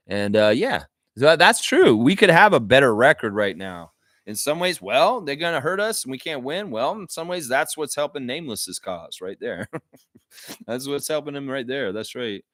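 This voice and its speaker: Animated man hosting a sports livestream. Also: mid-range voice, no room sound, clean studio sound. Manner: animated, reads viewer comments aloud and reacts. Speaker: livestream host. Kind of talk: casual sports chat.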